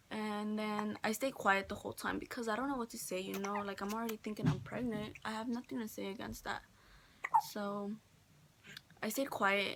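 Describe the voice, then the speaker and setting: A teenage girl vlogging casually from a bedroom, telling a personal story softly with many fillers, sometimes dropping near a whisper. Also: medium pitch. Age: teens. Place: indoor bedroom, holding a baby. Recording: noticeable background noise.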